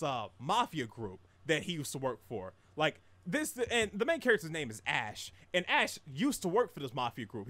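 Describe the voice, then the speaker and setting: A man's voice: a little high, fairly bright tone. A young man casually recapping and reviewing an anime, rambling with many fillers and restarts.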